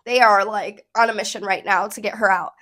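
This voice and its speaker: A woman's voice: mid-range voice, fairly even intonation, brisk, fairly bright tone. A woman vlogger telling a personal story to camera in an earnest, emotional, rambling way.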